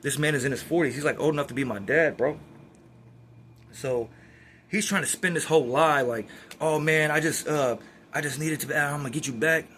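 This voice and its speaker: A man's voice: fairly high pitch, normal speed, fairly bright tone, a little hiss or hum. Young man telling a streetwise prison story. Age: 20s. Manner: streetwise slangy retelling with quoted dialogue. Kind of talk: casual storytime.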